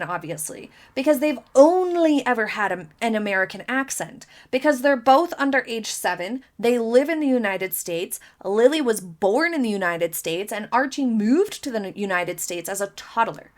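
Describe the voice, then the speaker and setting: Emphatic woman commentator, thirties, slightly high-pitched, incredulous, hammers her points home. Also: lively intonation, moderate pace, few pauses. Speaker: commentary vlogger. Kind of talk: opinionated commentary.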